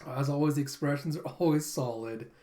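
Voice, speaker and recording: A man's voice: fairly high pitch, brisk, dark tone. A man streaming, giving a casual, rambling recap of manga chapters with many fillers. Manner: chatty, rambling, with frequent fillers.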